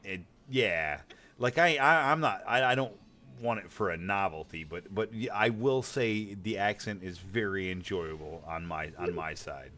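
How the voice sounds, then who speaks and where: Low-voiced American man, rambling gamer chat. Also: normal speed, sharp tone. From United States. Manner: rambling, repeats words, swears freely. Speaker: streamer. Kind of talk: casual gaming chat.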